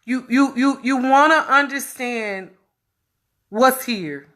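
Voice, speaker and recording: A woman speaking a raw personal testimony, repeating herself and breaking between tears, laughter and shouts of frustration. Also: high voice, slow pace. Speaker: vlogger sharing her illness story.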